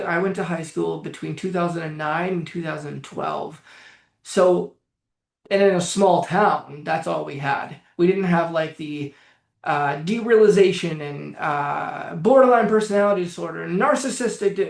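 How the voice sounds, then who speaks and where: A man's voice: sits high, vocal fry. Blunt, swearing young man in echoey room. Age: late 20s. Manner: blunt, swears, lively storytelling. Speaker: coach. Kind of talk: casual direct-to-camera talk.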